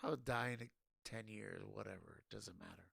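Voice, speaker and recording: Drunk angry man with a gravelly voice. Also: on the low side, a bit bright, no echo. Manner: angry, profane and halting. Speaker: streamer. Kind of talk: ranting casual stream talk.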